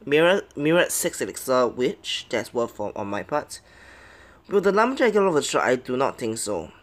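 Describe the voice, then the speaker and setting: A young man narrating his own gameplay live, his voice sitting at an ordinary middle pitch. He talks through each move half to himself, then bursts into yelps and begs the game when things go wrong. The delivery is casual, quick to react and never scripted. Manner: excitable, swings between muttering plans and loud yelps. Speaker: game commentator.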